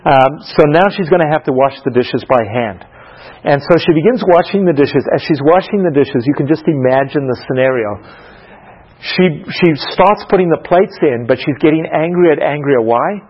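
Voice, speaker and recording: A man's voice: a little high, moderate pace, slightly rough, lo-fi sound. A man teaching a Bible lesson like a sermon, telling stories and asking the audience questions. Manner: animated storytelling, asks the audience questions. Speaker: preacher teaching a class.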